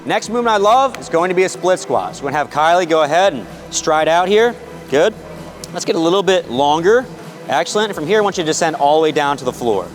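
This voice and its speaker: A man's voice: fairly high pitch, lively intonation, fast, faint music behind. A man, a physical therapist, teaching knee rehab exercises and coaching a patient through each movement with energy. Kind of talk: exercise instruction.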